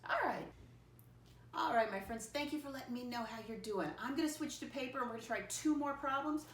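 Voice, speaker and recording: A woman teaching a first-grade lesson. She talks to the children in a patient, encouraging way and counts aloud slowly and clearly. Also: high-pitched, slight background noise. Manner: patient, encouraging, often says "my friends". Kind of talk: recorded classroom lesson.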